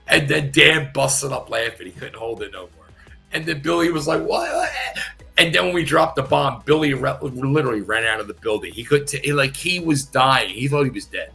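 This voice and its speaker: A middle-aged man with a gravelly, bright voice tells profane stories on a podcast. He talks slowly but swings his pitch widely, laughing as he goes. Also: soft background music. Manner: animated, profane, laughing, repeats himself. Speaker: podcast guest, former pro wrestler. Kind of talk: casual storytelling.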